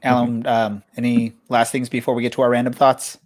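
A man's voice: mid-range voice, level tone, a little fast, a little mellow. A man hosting a soccer podcast in casual chat, rambling with many fillers and restarts. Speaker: podcast host.

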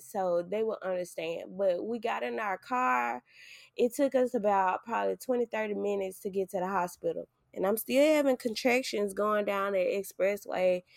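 A woman hosting a podcast, telling a personal story in casual chat, animated, acting out what people said and swearing freely. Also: medium pitch, creaky, no echo, studio quality.

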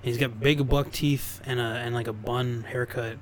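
A man's voice: medium pitch, steady tone, moderate pace. A man with a mid-range voice, chiming in with crude jokes as a podcast co-host. A faint hum of noise sits under his easy, casual chat. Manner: joking, crude interjections.

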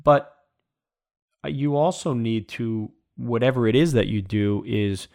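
A man with a gravelly, fry-edged voice answers interview questions as a baseball coach. He talks earnestly and repeats words while he works out his point. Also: mid-range voice, slow, a little mellow. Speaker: baseball coach and former player.

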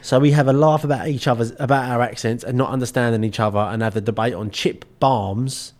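A man's voice: medium pitch, fairly even intonation, a little fast, a little mellow. A young English man co-hosting a podcast in casual chat, joking around and often slipping into mock accents. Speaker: podcast co-host.

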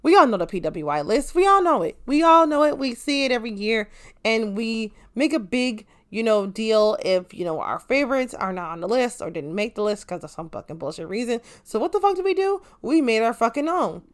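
A woman delivers an impassioned, profanity-laced rant as a show host. Her slightly high voice leaps even higher when she's angry, then drops low and quiet when she turns sarcastic. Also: a little fast. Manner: heated, profane, swings loud and pitch-jumping.

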